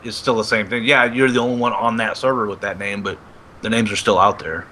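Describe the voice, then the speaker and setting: A man with a bright, crisp mid-pitched voice explains his points at length in a casual gaming chat. He sounds a bit distant from the mic, with faint noise behind. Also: fairly even intonation, fairly quick.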